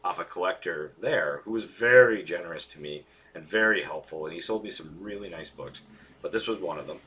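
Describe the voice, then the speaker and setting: Husky, bright-toned enthusiastic male collector. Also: deep voice, a little fast. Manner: enthusiastic, rambling, many fillers. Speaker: collector vlogger. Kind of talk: casual chat.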